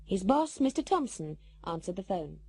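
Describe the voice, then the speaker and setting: British woman, textbook narration, careful reading, lively intonation, husky tone. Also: medium pitch, normal speed, no echo.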